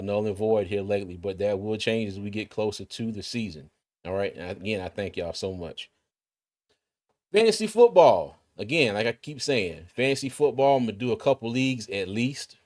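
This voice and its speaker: Laid-back man, low voice. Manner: laid-back, chatty, many fillers and restarts. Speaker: sports podcast host. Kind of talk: casual live-stream chat.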